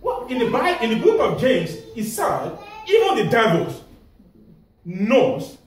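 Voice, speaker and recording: Nigerian guy preaching, high voice, swoops up and down, laughs a lot, quizzes the crowd, roomy church sound from far off. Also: a little slow, slight background noise. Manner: animated, asks the audience to fill in answers, laughs often. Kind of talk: sermon. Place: church hall. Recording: echoey church hall from far off.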